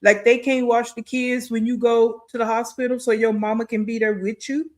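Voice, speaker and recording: A woman hosts a reaction commentary, blunt and incredulous as she scolds. Her voice sits a little high and is plainly recorded. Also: level tone, moderate pace. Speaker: commentary host.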